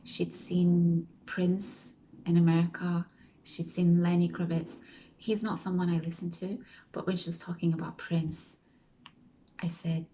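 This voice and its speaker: A woman's voice: fairly low pitch, mellow, rough recording. A woman vlogger telling a story in a casual way, acting out the people she quotes and sometimes dropping to a whisper. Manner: chatty, acts out quoted voices, drops to a whisper at times.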